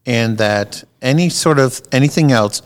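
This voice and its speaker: A man's voice: medium pitch, normal speed, clean tone. A middle-aged man, a pastor co-hosting a podcast, talking in an affirming way and sharing personal reflections. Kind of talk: casual podcast conversation.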